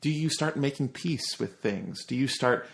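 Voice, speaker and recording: A man hosting a podcast, reading listener stories aloud with animated, swear-heavy casual chat and jokey asides. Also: medium pitch, normal speed, creaky.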